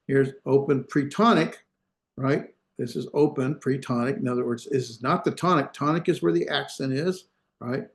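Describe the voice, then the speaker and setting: A man's voice: mid-range voice, normal speed. Man teaching a grammar class. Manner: explains step by step, often checking the class follows. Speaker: Hebrew grammar instructor. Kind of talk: online class lecture. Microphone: video call.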